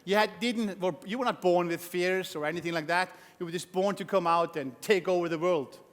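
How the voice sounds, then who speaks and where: High-voiced male speaker in an echoing hall. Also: brisk. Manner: energetic, shouts to rouse the crowd, acts out voices. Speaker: motivational speaker. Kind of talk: motivational stage talk. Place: large conference hall. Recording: long hall reverb.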